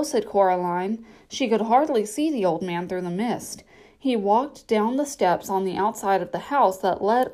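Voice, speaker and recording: A woman narrating a children's novel audiobook at a measured storytelling pace. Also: medium pitch, darkish tone.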